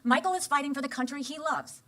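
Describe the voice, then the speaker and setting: A woman politician giving an earnest campaign speech in a measured, oratorical manner. Her voice sits somewhat high. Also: a bit bright.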